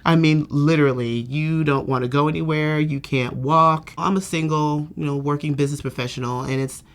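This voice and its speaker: A woman speaks in a candid patient-testimonial interview. Her delivery is chatty and lively. She fills her sentences with "you know" and slips into the voices of the people she quotes. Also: low-pitched, fairly quick. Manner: lively, acts out quoted speech.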